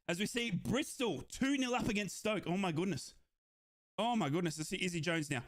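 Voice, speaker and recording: A young man from Australia who streams football watchalongs, shouting in delight and calling the play-by-play while out of breath. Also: sits high. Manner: euphoric fan shouting and yelling over goals, then rapid play-by-play. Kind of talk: excited live match commentary for a watchalong stream.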